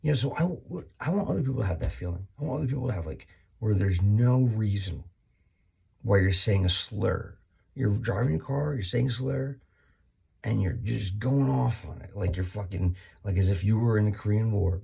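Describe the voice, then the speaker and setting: A man with a low, gravelly voice riffs through a comedy monologue. He rambles and restarts, swears freely and jumps up into sudden high-pitched outbursts. His tone is dark and husky. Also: lively intonation, fairly quick.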